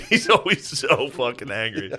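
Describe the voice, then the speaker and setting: A man's voice: mid-range voice, a little slow. A man co-hosting a comedy podcast, telling family stories in a casual, profane way, laughing often and acting out relatives' lines. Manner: animated, swearing, laughs often, acts out family members. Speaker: podcast co-host.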